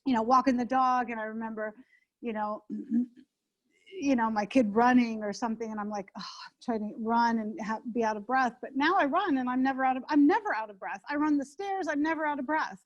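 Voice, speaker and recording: A middle-aged woman who cooks at home chats as a guest in a casual interview, her high voice brisk as she rambles and keeps restarting. The recording sounds dull and lo-fi.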